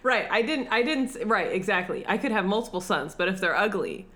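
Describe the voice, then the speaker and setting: A woman's voice: mid-range voice, expressive, brisk, crowd noise. A woman co-hosting a podcast in casual chat, teasing and crude, with frequent giggles. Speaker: podcast co-host.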